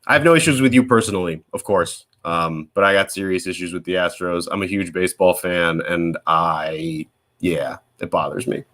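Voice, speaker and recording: A man's voice: deep voice, moderate pace, a bit bright. Chatty man rambling casually. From United States. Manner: rambling, self-correcting, chatty. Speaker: host answering viewer questions. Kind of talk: casual live Q&A chat.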